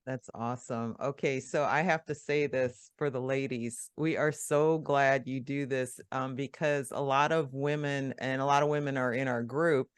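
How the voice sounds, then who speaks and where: A man's voice: mid-range voice, steady tone, moderate pace, hardly any pauses, reverberant. A male host interviewing a guest in a conversational way, encouraging and affirming throughout. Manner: encouraging, affirming with frequent "yeah". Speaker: podcast host.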